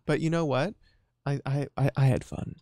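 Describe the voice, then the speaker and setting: A man's voice: mid-range voice, steady tone, normal speed, warm tone, dry recording, studio quality. A man co-hosting a game stream, chatting playfully and breaking into sing-song bits. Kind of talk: casual chat.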